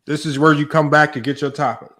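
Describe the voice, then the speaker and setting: A man hosting a debate stream, casually reading out matchups and topics and talking in relaxed slang. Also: fairly high pitch, quick pace. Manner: relaxed, slangy, thinks aloud. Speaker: debate show host. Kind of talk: casual livestream chat, reading out a list.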